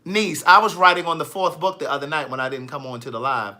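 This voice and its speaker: A man chatting on a live stream, sassy and animated, reading viewer comments aloud and joking with them. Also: a little high, fast talker, hardly any pauses. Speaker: vlogger.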